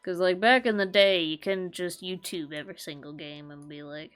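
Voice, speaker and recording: A woman's voice: on the low side, fairly even intonation, moderate pace, a bit bright, clean tone, soft background music. Woman let's-play host, casual sweary commentary, self-mocking, teasing. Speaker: gaming channel host.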